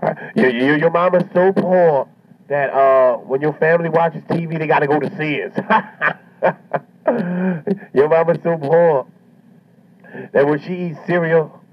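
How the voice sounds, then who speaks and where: A man's voice: fairly high pitch, slow. A man doing a stand-up comedy routine, brash and swaggering, with heavy profanity. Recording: muffled lo-fi recording.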